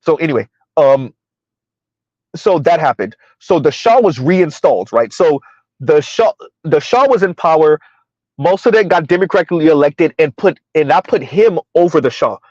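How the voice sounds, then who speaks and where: A middle-aged man runs a casual live-stream commentary channel, rambling with frequent fillers and short laughs. His animated, slightly mellow voice sits a bit high for a man and moves at a moderate pace. The dull, lo-fi recording sounds dry and close.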